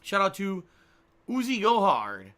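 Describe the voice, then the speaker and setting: A man's voice: sits high, wildly swooping pitch, a bit bright. A man with a Connecticut accent, a live streamer chatting casually, reading viewer donations and joking about his own pronunciation. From Connecticut, USA. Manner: playful, laughs often, mock-drawn-out words.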